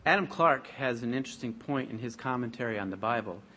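A man preaching a sermon, reading scripture aloud in a measured, emphatic way. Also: mid-range voice, animated, pushed and bright.

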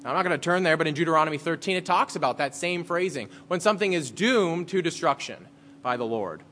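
A pastor giving a conversational sermon, reading scripture aloud and then explaining it in plain words. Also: male voice, fairly high pitch, animated, fast, bright, forceful tone.

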